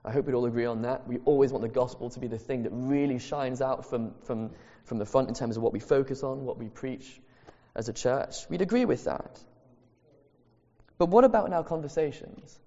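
A man's voice: medium pitch, fairly quick, mellow. Earnest man preaching in an echoey hall. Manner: earnest, repeats key phrases for emphasis. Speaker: pastor. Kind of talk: sermon. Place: church. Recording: echoey hall, dull lo-fi sound.

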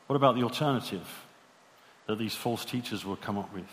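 A man's voice: fairly low pitch, fairly quick. A man preaching a sermon in an earnest way, asking many rhetorical questions. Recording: reverberant hall.

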